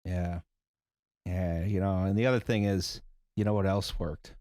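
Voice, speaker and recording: A man's voice: low voice, fairly even intonation, measured pace, mellow, dry recording. Wry male podcast host. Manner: wry, sarcastic, reads listener letters. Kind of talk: casual podcast chat.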